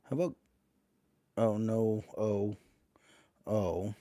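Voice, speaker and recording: A man's voice: lowish voice, drawn-out words, warm tone, no room sound, studio quality. A man hosting a casual live stream, reading letters aloud and greeting chat viewers.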